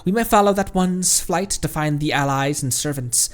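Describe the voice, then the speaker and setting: A man's voice: a little high, normal speed, natural voice. A man voicing an ancient spirit bound in a bottle who speaks in a courtly, archaic, theatrical way. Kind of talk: game dialogue read aloud on stream.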